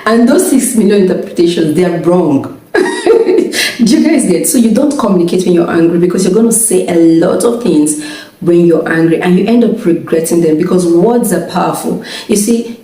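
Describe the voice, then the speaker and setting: A woman's voice: on the low side, a little fast, warm tone. A young woman giving casual marriage advice. She checks in often with her listeners and laughs between points. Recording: echoey room, mic at a distance.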